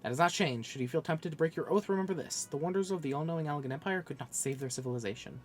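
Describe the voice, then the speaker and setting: A man's voice: fairly high pitch, quick pace, faint music behind, natural voice. A man reading as a stern engineer chief. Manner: earnest reading of game lines, stumbling restarts. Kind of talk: reading game dialogue aloud on stream.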